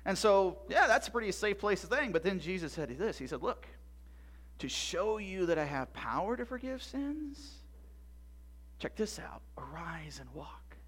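A man's voice: sits high, big pitch swings, moderate pace, a bit bright, full character voice. A man performing a dramatic church monologue as an eager young boy from biblical times, retelling a story with stammered restarts. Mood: eager wonder. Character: excitable little Jewish boy in Jesus' time.

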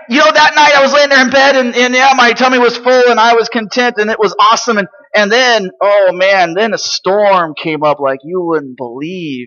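A man playing an eager eight-year-old boy from Galilee in a dramatic first-person monologue, chatty and excitable, sometimes dropping to hushed asides. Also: fairly high pitch. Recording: dull lo-fi recording.

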